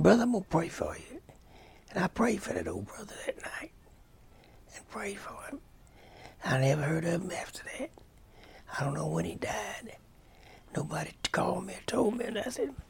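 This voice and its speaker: A man's voice: high voice, gravelly. A man preaching a sermon, telling a folksy, earnest story to his listeners. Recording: sermon tape recording.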